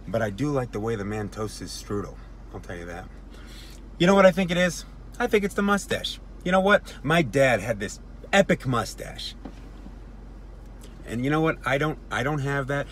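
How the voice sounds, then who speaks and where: A man cutting a comedic wrestling promo from his parked car into a phone, swinging between mumbled asides and loud boasts. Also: mid-range voice, slight background noise. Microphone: phone camera.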